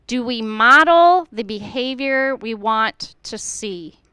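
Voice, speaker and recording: At a staff meeting, a middle-aged school administrator addresses educators with earnest conviction, her high, bright voice smooth and animated as she takes it slowly. She presses her point with a string of rhetorical questions and acts out lines teachers might say to students. The recording is close and dry.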